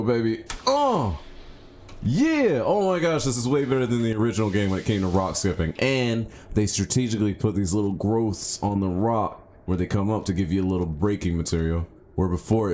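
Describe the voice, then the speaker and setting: A male gaming streamer with a very low voice talks through his play in a loose, casual way. He muses out loud and jumps into excited yelps. A faint hiss sits under the recording. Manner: chatty, thinks aloud, bursts into excited yelps. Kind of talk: casual live gameplay commentary.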